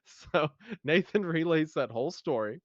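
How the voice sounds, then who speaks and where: A man's voice: on the high side, animated, moderate pace, no room sound, highs cut off. A man hosting a podcast, talking in a casual, heartfelt way and reading scripture aloud with feeling. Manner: emotional, enthusiastic, reads scripture aloud with feeling. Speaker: podcast host.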